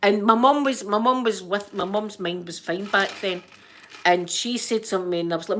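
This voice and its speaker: A middle-aged Scottish woman hosting her channel, telling a story in an animated, chatty, colloquial way. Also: medium pitch, brisk, slight background noise. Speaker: channel host. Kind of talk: storytelling chat.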